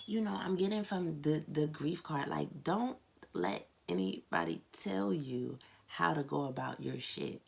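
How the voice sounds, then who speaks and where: A woman's voice: sits low, gravelly, noisy background. A woman giving a casual tarot reading, speaking bluntly and candidly, swearing and calling her viewers "baby" and "cat". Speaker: tarot reader.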